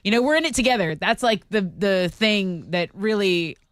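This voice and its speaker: A radio co-host talking reflectively on a morning show, quick when on a roll. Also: medium pitch, lively intonation, fairly bright tone, dry recording, clean studio sound.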